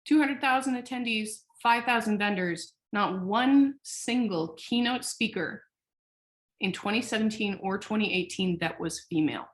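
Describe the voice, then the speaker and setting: A woman's voice: mid-range voice, moderate pace. Candid woman telling a story. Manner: animated, candid, swears freely. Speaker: founder of a sexual wellness company, podcast guest. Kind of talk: casual interview storytelling.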